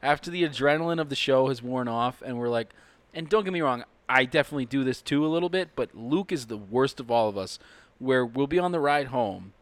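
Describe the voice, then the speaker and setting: A man's voice: mid-range voice, a little fast, no room sound. A man in a band, telling rambling jokey stories with plenty of swearing in casual banter. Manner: joking, swearing, rambling storyteller. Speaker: band member.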